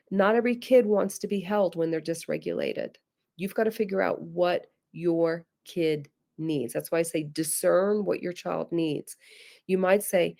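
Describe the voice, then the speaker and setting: A middle-aged woman presenting a parenting webinar, earnest and direct, sometimes acting out gentle things a parent might say. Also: on the low side, creaky. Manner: earnest, direct, addresses listeners as guys; acts out gentle parent phrases. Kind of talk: teaching webinar talk.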